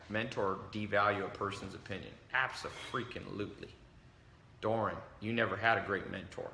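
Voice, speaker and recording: A man hosting a livestream, giving a brash, animated motivational talk and acting out the voices he quotes. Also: lowish voice, creaky, reverberant, a little hiss or hum. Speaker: livestream host. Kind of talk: motivational talk to a live audience.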